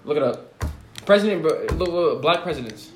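A man's voice: on the high side, expressive, moderate pace. A young man in a casual podcast chat, insisting on his point and repeating himself. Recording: echoey room with noise.

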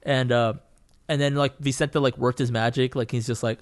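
A man in casual podcast chat, telling a story from his painting days at a mid-range pitch. He rambles along, swears often, and keeps circling back to restart his sentences. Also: steady tone, normal speed. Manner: profane, rambling, full of fillers and restarts.

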